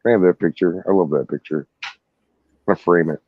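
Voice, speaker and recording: A man with a lowish voice chimes in on a livestream, laughing between his remarks. His mic sounds dull and dry, as if he sits back from it. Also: fast talker, no room sound. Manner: laughing, chiming in. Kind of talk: casual livestream chat.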